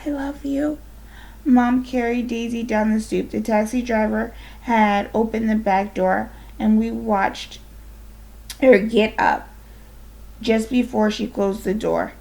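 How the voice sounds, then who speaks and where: A woman teacher reading a children's novel aloud to her class, gently and unhurried, now and then correcting herself. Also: a little high, steady tone, vocal fry, poor audio.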